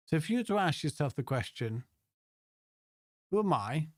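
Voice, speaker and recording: A man's voice: mid-range voice, expressive, normal speed, no room sound, clean studio sound. A man hosting a livestreamed guided meditation, chatting unhurriedly and greeting viewers by name before he begins. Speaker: meditation teacher.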